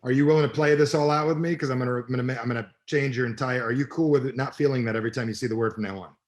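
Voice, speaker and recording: His medium-pitched voice comes out rapid-fire with fairly even intonation. A middle-aged personal development coach, he speaks bluntly and emphatically in an energetic interview, swearing freely.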